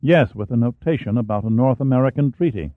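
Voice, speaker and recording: A man's voice: mid-range voice, fast, no echo, lightly acted. A man voicing a friendly, chatty American historian. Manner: genial, chatty. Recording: dry, tinny phone-like sound.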